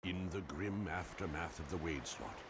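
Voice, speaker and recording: A man putting on the voice of a grave, deep-voiced epic narrator for a fantasy game, in a slow, solemn storybook delivery. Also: lively intonation, music in the background.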